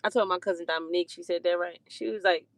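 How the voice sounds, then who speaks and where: A woman's voice: lowish voice, fairly even intonation, fast. A woman telling a story in a casual, profane rant, swearing heavily and laughing between heated lines.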